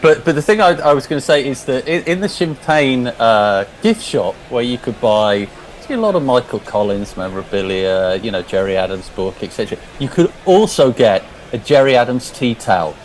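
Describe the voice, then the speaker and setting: Male cricket co-commentator, mid pitch, rambling anecdotes, faint noise. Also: sing-song, normal speed, hardly any pauses, low-quality recording. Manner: rambling storyteller, restarts often.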